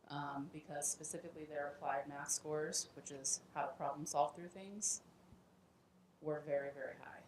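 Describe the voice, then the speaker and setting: A woman's voice: sits low, a little hiss or hum. A woman math teacher speaking proudly about her class at a graduation. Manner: upbeat and proud. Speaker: math instructor. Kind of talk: graduation speech. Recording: echoey hall.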